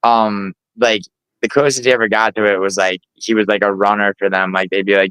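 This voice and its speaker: A man's voice: lowish voice, little pitch movement, brisk, a bit bright, clean tone, no echo, poor audio. A nasal-voiced American man whose Bronx accent is covered up, rambling in casual chat with lots of fillers and swearing. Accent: American with a hidden Bronx accent. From Sicily, raised in the Bronx.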